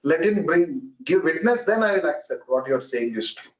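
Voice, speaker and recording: A man's voice: fairly high pitch, lively intonation, moderate pace, natural voice. A man voicing a scornful atheist son who challenges with confident mockery. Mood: mocking. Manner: challenging, mocking. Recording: roomy, muffled online call audio.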